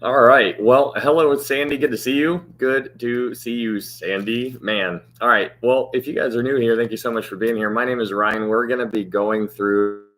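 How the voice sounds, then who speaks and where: A man's voice: mid-range voice, steady tone, normal speed, hardly any pauses, fairly bright tone, a little hiss or hum. A man hosting a livestream Bible study, chatting casually and thanking viewers by name, his voice strained and cutting out. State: strained voice that cuts out.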